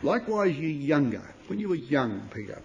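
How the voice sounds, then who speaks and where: A man preaching a sermon to brothers and sisters, reading scripture in King James wording and swinging from loud emphatic declamation to low, quiet asides. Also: big pitch swings, normal speed, dull audio. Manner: addresses listeners as brothers and sisters.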